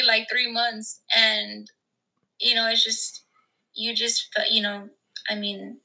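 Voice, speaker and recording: Bright, gravelly young woman guest. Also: medium pitch, poor audio. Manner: emotional, halting, many fillers. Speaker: podcast guest. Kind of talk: casual chat.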